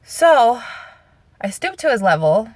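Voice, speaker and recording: A woman's voice: fairly high pitch, very animated, slow pace, darkish tone, no echo, clean studio sound. A woman telling a personal story in a vlog, earnest, candid and emotional. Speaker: vlogger.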